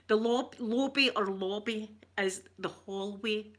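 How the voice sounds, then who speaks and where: A woman's voice: medium pitch, lively intonation, a little slow, hardly any pauses, a bit bright. A middle-aged woman with a Glaswegian Scottish accent, chatting casually with her live stream viewers, greeting them by name and laughing often. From Scotland.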